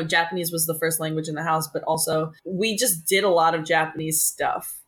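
A woman with a somewhat low voice talks casually as a podcast guest. She tells personal stories earnestly, often slipping into quoted lines from other people. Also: fairly bright tone. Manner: earnest, storytelling, quoting others. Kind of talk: casual interview conversation.

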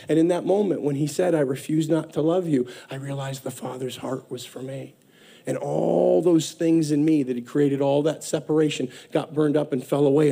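High, gravelly impassioned male preacher. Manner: impassioned, rising and falling between hushed and emphatic. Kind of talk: sermon.

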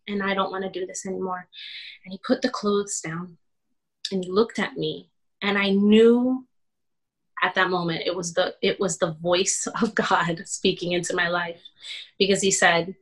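Pastor's wife guest, bright tone, candid and emotional storytelling. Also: female voice, mid-range voice, unhurried, poor audio. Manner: emotional, animated retelling with laughs and quoted dialogue.

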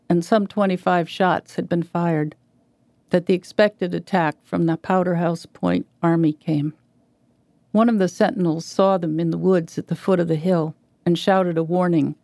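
A woman reading a short story aloud in a measured, even way. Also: lowish voice, dry recording. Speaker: guest reader. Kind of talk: literary reading.

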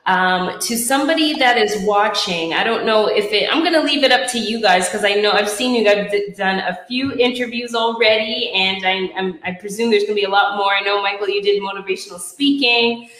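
A woman's voice: medium pitch, a little fast, few pauses, fairly bright tone. A woman hosting an interview show, enthusiastic and effusive in her praise. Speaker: show host. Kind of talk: casual interview chat. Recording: very echoey room.

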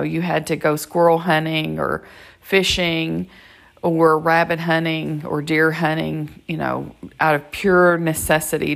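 A woman hosting a devotional podcast, speaking earnestly and personally with pauses and fillers, her voice a bit crackly today. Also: sits low, creaky. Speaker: podcast host.

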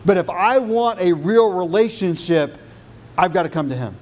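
A man preaching a sermon as pastor, building on repeated phrases and dropping low and soft for emphasis. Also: expressive, normal speed, slight background noise.

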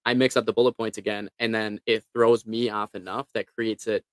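A man, a salesman, explaining his approach in a relaxed, casual chat. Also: lowish voice, fairly quick, a little hiss or hum.

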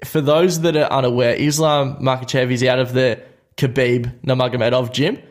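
A young Australian man co-hosting a casual sports podcast, with a voice of middling pitch. He explains fights in a relaxed, chatty way, dropping in easy laughs. His delivery stays informal and unhurried. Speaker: podcast co-host.

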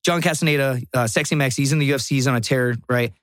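A man's voice: mid-range voice, fast talker, dry recording, clean studio sound. A man, a stand-up comedian and podcast guest, telling stories in casual chat with swearing and acted-out voices. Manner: animated storytelling, profane, acts out voices.

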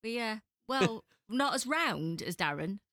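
A woman's voice: fairly high pitch, animated, unhurried, bright, forceful tone, no echo, clean studio sound. Teasing woman co-host. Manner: reactive, teasing, gasps and laughs. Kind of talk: casual chat.

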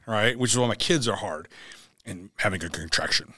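A man telling a raw personal story in an interview, blunt and halting, swearing as he goes. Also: fairly low pitch, lively intonation, a bit bright, no room sound. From United States. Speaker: podcast guest.

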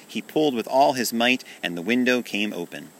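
A man reading a children's story aloud in a calm, gentle, measured way. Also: mid-range voice, slight background noise.

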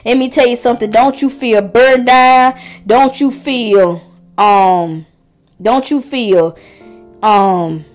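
A woman's voice: on the high side, slow, faint music behind. A woman hosting a preaching podcast, talking passionately to her listeners and calling out to them again and again. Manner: impassioned, calls out to listeners; conversational preaching with repetitions.

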